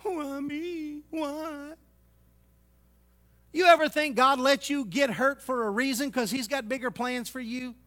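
Male pastor, high voice, folksy teasing sermon, loud to hushed. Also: normal speed, hardly any pauses.

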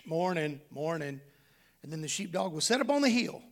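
A man's voice: high voice, sing-song, fast, vocal fry, a bit bright. A middle-aged male pastor preaching a sermon, emphatic and conversational, full of rhetorical questions to the congregation.

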